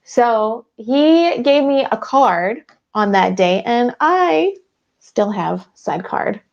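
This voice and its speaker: A woman co-hosting a casual sports podcast, chatty and giggly with quick asides. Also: a little high, expressive, gravelly. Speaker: podcast co-host. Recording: dull lo-fi audio.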